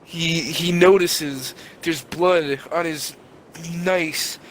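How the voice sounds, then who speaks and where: A man's voice: on the high side, steady tone, very slow, a little hiss or hum, rough recording. A young man co-hosting a podcast, narrating an improvised comic story in a rambling, crude, playful way. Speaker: podcast co-host.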